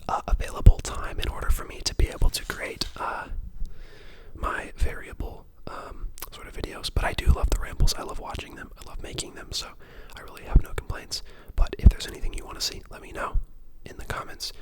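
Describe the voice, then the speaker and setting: Young adult whispering a chatty ASMR ramble. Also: brisk. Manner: casual chatty whisper with many fillers. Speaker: ASMR creator and dental student. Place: at home.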